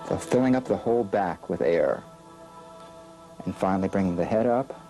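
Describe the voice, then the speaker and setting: A man with a fairly low voice guides a student through relaxation, breathing and loosening exercises. His instructions come calm and unhurried, with gentle prompts. Faint music plays underneath. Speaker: voice and breathing coach.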